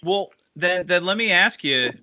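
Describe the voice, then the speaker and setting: A man's voice: high-pitched, lively intonation, measured pace, sharp tone. A man co-hosting a podcast interview, asking long, searching questions with frequent restarts.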